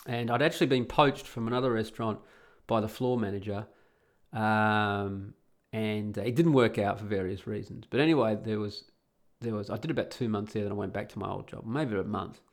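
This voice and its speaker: Speaking at a moderate pace in a lowish voice, this Australian man from Perth hosts a podcast from home. His casual storytelling is blunt and crude, wandering along with lots of restarts.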